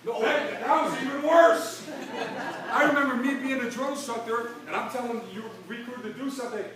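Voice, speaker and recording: A middle-aged man giving a motivational convention speech from a stage, energetic and punchy, acting out dialogue and asking the crowd "right?" often. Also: extremely high pitch. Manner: energetic, fast-shifting, acts out dialogue, frequent "right?". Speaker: motivational speaker. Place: large convention hall. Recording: echoey hall recording from far off.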